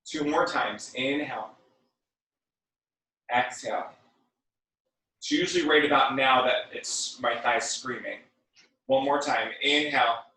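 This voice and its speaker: Echoey, slow-paced male workout instructor. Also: mid-range voice. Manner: calm breath cues mixed with chatty, joking asides. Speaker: fitness and yoga instructor. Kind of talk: guided workout class. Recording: very echoey room, mic at a distance.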